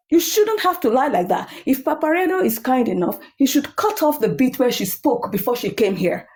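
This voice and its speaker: A woman's voice: high voice, a little mellow. A woman hosting a live stream, giving heated, emphatic commentary mixed with Yoruba. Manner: indignant, emphatic, apologetic to viewers.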